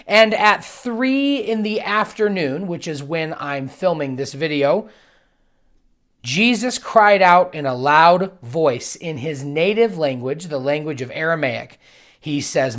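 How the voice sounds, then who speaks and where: A man's voice: fairly high pitch, animated, slow pace, a bit bright. A young man, a pastor, giving an earnest and reflective devotional teaching that builds to emphatic bursts. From United States.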